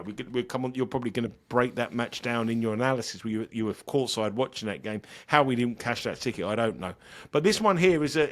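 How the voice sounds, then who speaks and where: A man hosts a casual betting podcast in an ordinary, mid-pitched voice. He rambles and pokes fun at himself. He often trips over and repeats words. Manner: rambling, self-deprecating, stumbles and repeats words. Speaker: podcast host.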